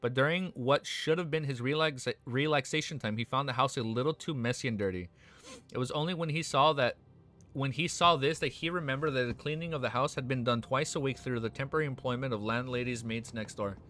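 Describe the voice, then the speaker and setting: A young man on a live stream, reading a novel aloud and often breaking off to react with excitement. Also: mid-range voice, a little fast. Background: faint background music.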